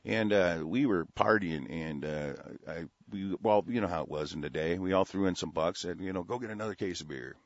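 A lower-voiced man in middle age or older, hosting talk radio and telling long, rambling stories laced with blunt profanity. He restarts his sentences constantly. The sound is dull and lo-fi, with a dry, close feel. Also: normal speed, hardly any pauses, no echo. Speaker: radio talk show host. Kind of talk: rambling storytelling and political rant on talk radio.

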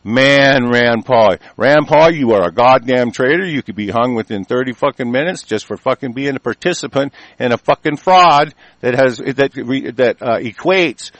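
A man's voice: mid-range voice, moderate pace, few pauses, a bit bright, dry recording. Man ranting with heated, profane bursts. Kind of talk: angry political rant.

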